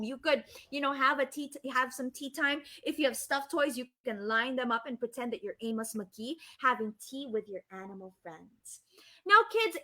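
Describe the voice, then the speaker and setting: High, lively Filipino woman storyteller. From Philippines. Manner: animated, asks the kids questions, gushing. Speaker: children's storyteller. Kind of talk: live storytime reading for kids.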